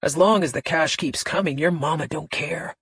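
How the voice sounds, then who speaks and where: A woman's voice: deep voice, moderate pace, breathy edge, no echo, heavily acted. A woman narrator voicing a manipulative middle-aged man in an audiobook, coaxing and dismissive. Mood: taunting. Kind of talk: audiobook character voice.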